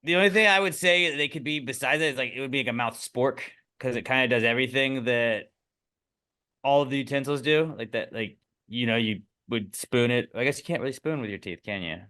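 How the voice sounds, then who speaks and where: A man hosting a podcast with joking, rambling talk and deadpan asides, reading listener questions. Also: mid-range voice, a little fast, smooth. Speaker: podcast host. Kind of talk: casual podcast banter.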